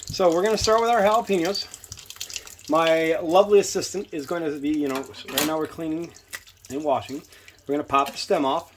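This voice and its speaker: Male home-cook host, rambling and self-mocking, a bit high-voiced, recorded in a kitchen. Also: steady tone, a little fast, noisy background. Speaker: cooking video host. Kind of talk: casual cooking demonstration.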